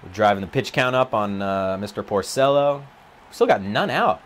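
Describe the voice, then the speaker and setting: Sitting in an empty office, a man gives live, excitable commentary on the game he's playing at a moderate pace. His voice jumps high whenever he gets worked up.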